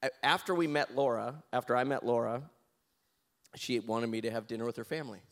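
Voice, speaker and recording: A man as an interview guest, telling a personal story in an animated way, laughing and acting out his own lines. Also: medium pitch, fairly quick.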